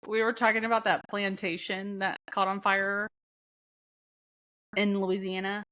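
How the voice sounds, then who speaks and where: A woman with a mid-range voice chats on a podcast. She retells everyday stories in an animated way, laughing along. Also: medium pitch, unhurried. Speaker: podcast co-host. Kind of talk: casual podcast chat.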